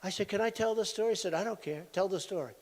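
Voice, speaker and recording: A presidential candidate in his sixties speaks quickly from a podium at a large campaign rally, his voice rather high for a man. He rambles through anecdotes, repeats himself, and throws asides to the crowd, while the hall leaves a long echoing tail.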